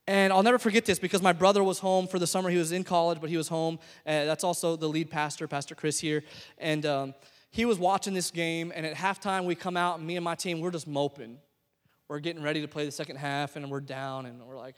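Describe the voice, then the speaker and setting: High-voiced young man preaching in a hall. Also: fast talker. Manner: emphatic preaching, swings between loud exhortation and soft asides. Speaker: pastor. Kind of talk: sermon. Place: church sanctuary.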